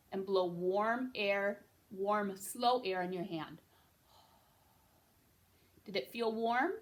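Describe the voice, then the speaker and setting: Bright-voiced woman teaching recorder. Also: medium pitch. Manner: patient, encouraging, checks in with frequent okays. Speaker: music teacher. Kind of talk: beginner recorder lesson.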